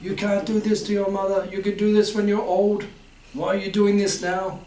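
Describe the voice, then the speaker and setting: A man's voice: high-pitched, monotone, moderate pace, warm tone, voice pushed up. Brief: fretful mother scolding her son , as a man mimics her, raised and reproachful. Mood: pleading. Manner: pleading, reproachful. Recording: roomy hall, distant mic.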